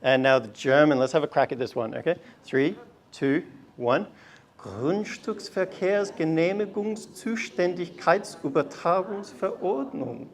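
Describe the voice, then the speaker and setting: A man giving an energetic live research talk at a university event, leading the audience in call and response with casual fillers. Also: mid-range voice, normal speed. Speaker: research slam presenter.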